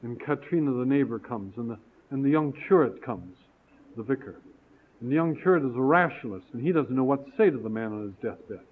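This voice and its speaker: A man's voice: medium pitch, expressive, fairly quick, a little hiss or hum. A man giving an earnest, storytelling sermon-style talk that rises to emphatic peaks, heard over a tinny, phone-like radio recording.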